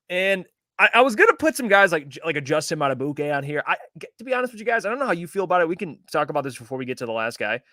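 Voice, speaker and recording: A man's voice: fairly high pitch, bright, forceful tone, dry recording, clean studio sound. A man hosting a casual sports podcast, hesitant and self-correcting, laughing often. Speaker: podcast host.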